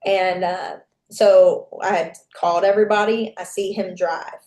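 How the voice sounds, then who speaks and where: A woman's voice: medium pitch, fairly even intonation, unhurried, a little mellow. Candid woman telling a story, echoey room. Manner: candid, profane, reenacts dialogue. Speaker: podcast guest. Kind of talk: personal storytelling.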